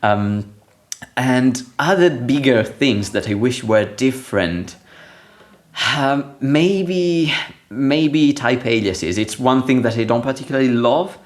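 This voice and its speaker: A man's voice: mid-range voice, takes it slowly. A man talking as a podcast guest about programming, laughing often and restarting sentences with many fillers. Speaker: guest, programming language developer. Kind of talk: casual technical conversation.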